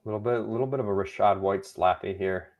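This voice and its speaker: A man's voice: on the low side, fast talker, darkish tone, dull audio, a little hiss or hum. A man co-hosting a casual fantasy football draft podcast, thinking aloud and talking himself into picks. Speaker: podcast co-host.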